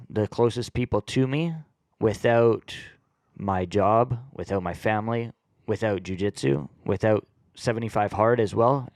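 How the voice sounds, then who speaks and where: Relaxed low-voiced man telling stories. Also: dry recording. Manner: relaxed storyteller with many fillers. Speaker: guest. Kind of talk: casual podcast conversation.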